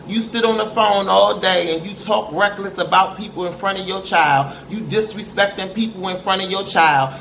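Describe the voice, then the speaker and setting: A woman's voice: mid-range voice, a bit bright. A middle-aged woman talking candidly to camera about parenting, emphatic and preachy, calling her listeners honey. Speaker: parent giving advice. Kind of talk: candid motivational talk to camera. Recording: echoey room with faint noise.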